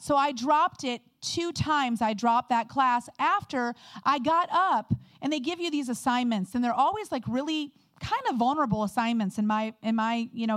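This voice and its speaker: A woman guest speaker giving a candid, conversational sermon with quick personal asides. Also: high voice, a bit bright, no room sound.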